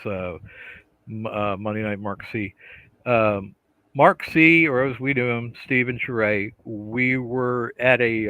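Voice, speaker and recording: A middle-aged man with a bright, forceful voice tells stories in casual conversation. He is animated and acts out the voices and sounds in what he tells. His pitch sits in an ordinary middle range. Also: no echo, rough recording. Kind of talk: casual chat.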